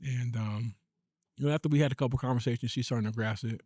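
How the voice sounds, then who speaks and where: A man's voice: medium pitch, steady tone, fast, dark tone, no echo, studio quality. A man co-hosting a podcast in casual chat, telling stories about raising his daughter in an easygoing way. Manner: easygoing storyteller, acts out stern quotes to his daughter. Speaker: podcast co-host.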